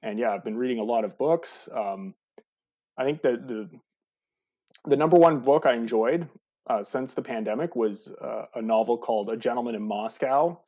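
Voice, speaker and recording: A man's voice: medium pitch, normal speed, warm tone. A man appearing as a podcast guest from home, talking in a wry, hesitant way with many ums. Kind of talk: casual podcast chat. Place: home, recording remotely. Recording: slightly dull lo-fi remote line.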